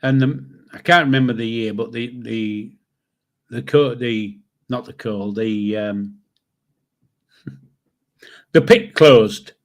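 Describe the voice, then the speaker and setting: Sixties bloke, host telling rambling tales with a laugh, mid-range pitch. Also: male voice, slow, pauses often. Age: 60s. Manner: chatty, swears freely, chuckles through his stories. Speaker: host of a live stream. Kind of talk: rambling anecdote storytelling.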